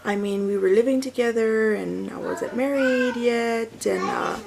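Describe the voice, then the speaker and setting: Gravelly-voiced woman telling a story. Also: on the high side, a little slow, very noisy. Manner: chatty, self-correcting, rambling with fillers. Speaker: vlogger and mother. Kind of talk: casual story time.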